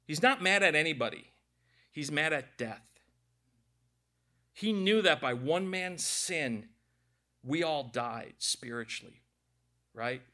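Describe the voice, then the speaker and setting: A man's voice: on the high side, pushed and bright. A man preaching a conversational sermon, earnest and emotional, with self-deprecating asides. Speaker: pastor.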